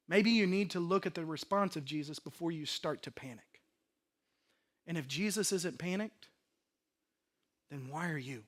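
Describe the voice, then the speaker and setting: Preaching to a congregation in a church sanctuary, this male pastor acts out frantic inner voices with plenty of animation. His delivery swings between booming emphasis and hushed moments.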